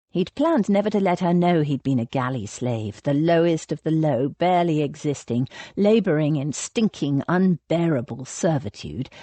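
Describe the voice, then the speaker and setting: A woman narrates a historical romance audiobook, slow and measured, with a lively, rising and falling pitch. Her voice is dark and slightly husky. The recording is close and dry. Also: dry recording. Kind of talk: scripted narration.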